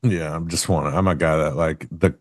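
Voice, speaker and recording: Teasing co-host, man, very low voice, dry close sound, deadpan delivery. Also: a little fast, no room sound. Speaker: co-host trader. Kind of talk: casual live trading-show chat.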